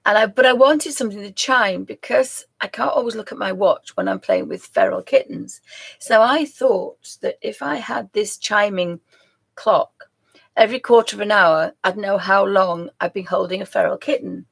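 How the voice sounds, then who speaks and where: A woman's voice: medium pitch, animated, normal speed, creaky, breathy edge. A middle-aged woman hosting a live crafts stream, chatting in a rambling, friendly way and breaking off to apologise. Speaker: host of a live crafts show. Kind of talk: casual live-stream chat.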